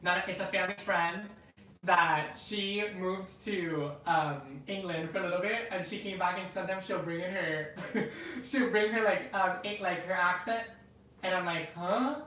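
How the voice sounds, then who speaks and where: A young woman co-hosting a casual entertainment chat, easygoing and chatty, quick to agree. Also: lowish voice, fairly bright tone. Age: young adult. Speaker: co-host. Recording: echoey room, mic at a distance, faint noise.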